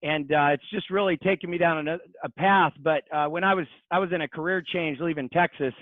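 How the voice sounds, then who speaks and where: A man in his forties talks as a podcast guest in an earnest, reflective way. His voice sits a little high. It comes through a dry, tinny line that sounds like a phone. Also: brisk, no echo. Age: 40s. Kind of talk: casual interview chat.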